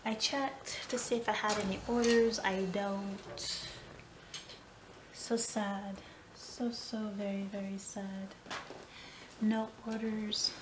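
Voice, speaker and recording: A woman's voice: medium pitch, little pitch movement, slow, long pauses, reverberant, noisy background. A woman chatting casually to her phone camera at home, tired and a little out of breath, with playful dramatic sighs. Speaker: vlogger. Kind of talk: casual vlog chat. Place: home kitchen. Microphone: phone on a selfie stick.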